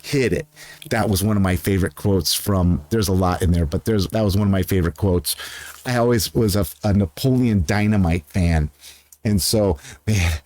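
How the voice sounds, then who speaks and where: Low-voiced man, earnest rambling vlogger, dry close sound, outdoors. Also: mellow, dry recording. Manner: earnest, rambling, loses his train of thought. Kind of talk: casual chat to camera.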